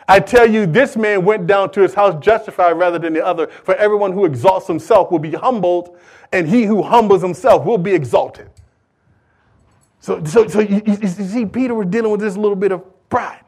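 A man preaching a sermon as pastor, colloquial and animated, acting out the quotes he tells. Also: sits high, moderate pace.

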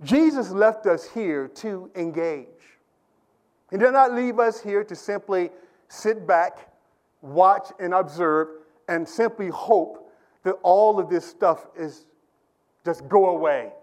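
Preaching a Sunday sermon in a high-pitched voice at a slow pace, a pastor starts with quiet discussion and builds to emphatic, repetitive calls and questions aimed at his congregation.

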